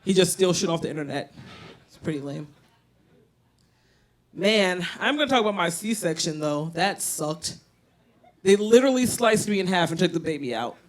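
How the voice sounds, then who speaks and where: A young woman with a Southern US accent doing a loud, profane, self-mocking stand-up set on a bar stage. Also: lowish voice, lively intonation, moderate pace, pauses often. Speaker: stand-up comedian. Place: comedy bar stage, live audience.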